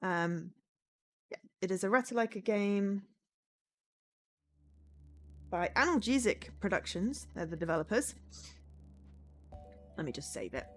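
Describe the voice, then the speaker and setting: A woman's voice: fairly low pitch, moderate pace, pauses often, soft background music. A woman chatting casually on a live charity gaming stream, rambling with lots of ums.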